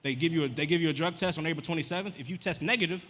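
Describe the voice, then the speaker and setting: Deadpan male comic working the crowd; rapid delivery, long room reverb. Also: a little high. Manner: deadpan, chatty crowd work with casual slang. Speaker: stand-up comedian. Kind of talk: stand-up comedy set. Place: comedy club stage. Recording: live venue with long reverb.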